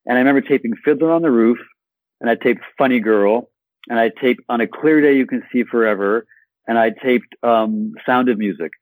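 A man's voice: medium pitch, fairly quick, no room sound, rough recording. A man from Michigan, a guest actor on an interview podcast, telling stories with playful acted-out asides. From Michigan, USA.

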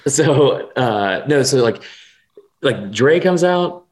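A man's voice: mid-range voice, animated, slow. A young man co-hosting a casual sports betting podcast, talking in a rambling, profane way full of restarts and fillers. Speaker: podcast co-host.

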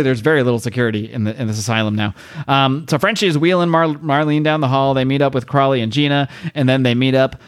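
A man's voice: medium pitch, a bit bright. A man co-hosting a podcast, recapping a comic in a casual, chatty way with long runs and fillers. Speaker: podcast co-host.

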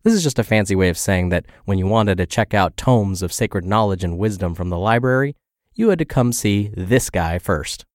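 Low-voiced man reading a health podcast. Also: moderate pace, no echo, studio quality. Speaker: podcast narrator. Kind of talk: reading a blog post aloud.

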